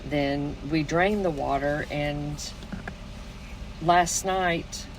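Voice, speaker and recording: A woman chatting casually, her voice low and her pace slow and unhurried. She tells stories at length and laughs often. A faint background hum sits under her voice. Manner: unhurried storytelling, frequent laughter. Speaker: snare maker. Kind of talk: casual chat.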